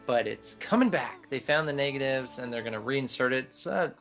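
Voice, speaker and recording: Talking films on a casual podcast, this co-host is enthusiastic and chatty, with many fillers and a rambling style. He speaks a little fast in an expressive, fairly bright mid-range voice, with faint music in the background.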